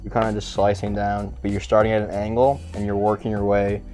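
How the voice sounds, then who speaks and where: A man's voice: fairly low pitch, monotone, a little fast, a little mellow, faint music behind. A man hosting a casual cooking show, chatty and easygoing as he walks through each step.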